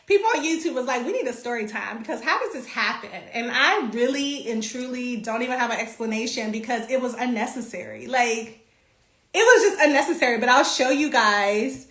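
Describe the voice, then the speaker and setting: A young woman hosting a casual livestream, greeting viewers by name in bubbly, drawn-out sing-song tones. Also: high-pitched, sharp tone, echoey room.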